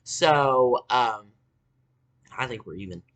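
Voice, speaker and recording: Slow-paced and expressive, this forties-aged vlogger rants bitterly in a casual monologue full of swearing and filler words, sinking to low mutters before rising to shouts.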